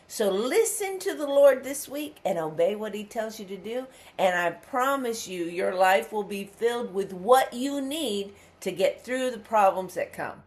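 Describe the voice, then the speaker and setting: A woman giving a weekly devotional message, earnest and emphatic, asking many rhetorical questions. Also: mid-range voice. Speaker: ministry speaker.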